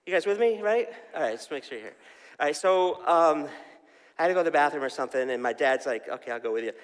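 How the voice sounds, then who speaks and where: A man preaches to a church crowd, spinning a chatty story and asking the room questions. His voice sits a little high for a man. A long hall reverb trails after his words. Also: expressive, fast talker. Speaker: pastor. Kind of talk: sermon.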